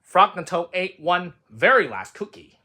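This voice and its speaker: Man reading a children's storybook aloud, expressive lilting narration, high voice, bright tone. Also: a little slow. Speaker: storybook reader.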